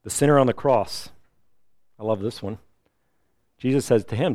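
A middle-aged man preaching a sermon, lively and emphatic, now and then acting out the people he quotes. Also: medium pitch, moderate pace, dry recording, studio quality. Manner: animated preaching, acts out quoted voices. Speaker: pastor.

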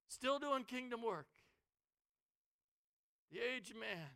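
A man preaching a sermon in a church on a headset mic, dramatic, swinging from quiet lows to shouted highs. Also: normal speed, clear, resonant tone, no echo.

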